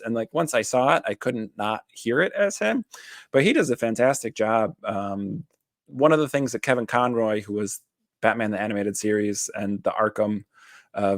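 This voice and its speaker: A rather low-pitched man talks through a casual show review in a loose, rambling way, full of fillers and restarts. His voice is recorded close and dry, with no room sound around it. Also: no echo. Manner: rambling, filler-heavy, self-interrupting. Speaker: therapist reviewing a TV series.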